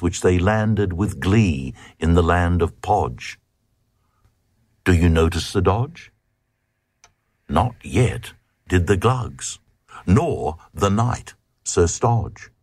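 Male narrator, lowish husky voice, slow lively verse reading. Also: dry recording, clean studio sound. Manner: lively sing-song recitation. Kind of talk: reading a comic rhyming poem aloud.

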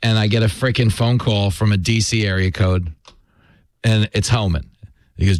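A man's voice: on the low side, steady tone, moderate pace, dry recording. Joking, self-deprecating male radio host. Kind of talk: casual talk radio chat.

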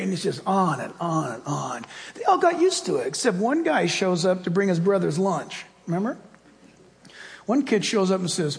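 A man, a pastor, preaching a sermon with animated storytelling and acted-out dialogue. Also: high voice, normal speed, gravelly, long reverb tail.

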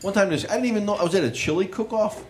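A man's voice: high-pitched, very fast. A man doing stand-up comedy in a club, bantering with the crowd and laughing through his lines. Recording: live club with loud crowd and noise.

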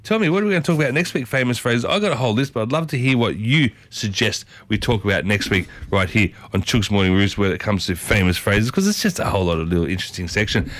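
A man's voice: on the low side, quick pace, few pauses, no echo. A man with an Australian accent hosting a morning radio show, chatting playfully and jumping from thought to thought. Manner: chatty, playful, jumps around excitedly. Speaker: radio host.

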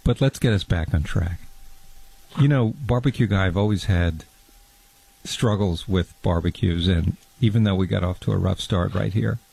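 A man's voice: deep voice, moderate pace, gravelly, a little mellow, slightly rough, exaggerated voice. A man playing a fussy, earnest, easily wounded fondue lover in an improvised comedy sketch, stammering and prim. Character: fussy, fragile adult man called Fondue Guy.

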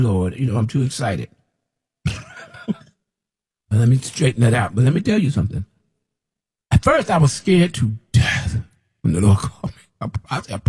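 Husky-voiced man preaching scoldingly. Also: mid-range voice. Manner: scolding, repetitive, rising to near shouts. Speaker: self-described prophet. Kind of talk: preaching monologue.

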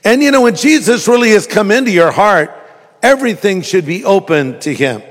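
Jokey storytelling preacher in a hall. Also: male voice, sits high, sing-song, moderate pace. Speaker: pastor. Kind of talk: sermon. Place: church.

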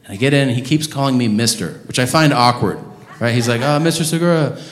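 A man doing stand-up comedy on a club stage, ranting loudly and profanely in animated bursts. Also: medium pitch, fast talker. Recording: roomy club with audience laughter.

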